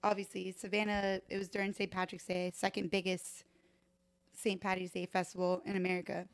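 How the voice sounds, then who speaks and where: A bartender in her thirties guests on a podcast from a live stream room, telling stories in an animated, profane way, laughing often and acting out voices in her anecdotes. Her mid-range voice is brisk, with no room sound.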